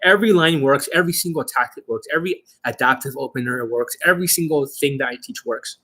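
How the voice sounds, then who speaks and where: A man's voice: medium pitch, fast talker, bright, forceful tone. A man working as a dating coach, talking to the camera in a boastful way and swearing a lot. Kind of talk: profane talk to camera.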